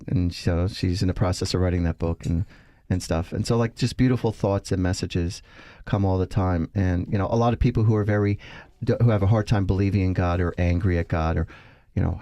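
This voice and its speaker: A man's voice: deep voice, warm tone, no room sound. A man with a New Jersey accent, a psychic guest on a radio talk show, talking in an effusive, rambling, spiritual way. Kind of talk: casual radio chat.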